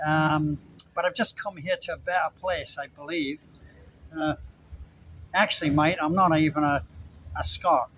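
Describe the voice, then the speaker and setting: Older brit guy rambling at the camera, repeats himself a lot, voice a bit high for a man. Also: fairly even intonation, a little slow, pauses often, a bit bright, a little hiss or hum, low-quality recording. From Britain. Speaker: vlogger. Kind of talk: casual rambling chat to camera.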